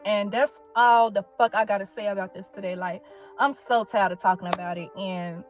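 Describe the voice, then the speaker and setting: A woman's voice: mid-range voice, steady tone, fairly quick, muffled recording, faint music behind. A young woman from Chicago with a Chicago accent, telling her side of a falling-out with a friend in a blunt, profane, exasperated rant. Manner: blunt, profane, exasperated, repeats herself for emphasis. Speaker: content creator telling her side of a feud. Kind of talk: heated storytime rant.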